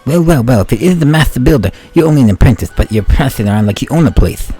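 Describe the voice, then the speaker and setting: A man's voice: medium pitch, expressive, fast talker, dark tone, breathy edge, faint music behind, pitched above the performer's own voice. A man voicing a small, whiny male dragon minion with a sneering, fussy manner.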